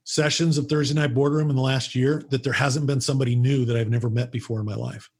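A man with a deeply husky, raspy voice tells rambling stories on a podcast, restarting sentences and getting animated as he goes. The sound is close and dry with no room around it. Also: quick pace, dry recording. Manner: animated, rambling anecdotes with frequent restarts and mild swearing. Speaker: podcast guest, founder of a business mastermind group. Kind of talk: casual storytelling conversation.

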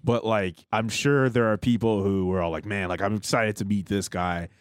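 A man's voice: fairly low pitch, fairly even intonation, moderate pace, smooth, no room sound. A man co-hosting a sports radio show in a studio, telling stories in a rambling way with many fillers. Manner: rambling, filler-heavy storytelling. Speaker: radio co-host. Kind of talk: casual sports radio chat.

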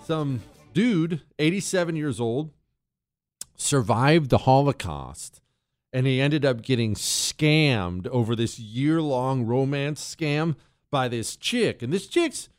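A man hosting a call-in radio talk show, brash and joking as he talks. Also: a little high.

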